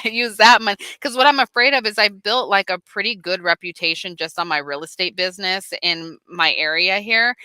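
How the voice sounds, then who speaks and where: A woman's voice: mid-range voice, pushed and bright, clear, resonant tone, dry recording. A woman real estate agent being coached on a casual call, thinking aloud with many restarts and small laughs.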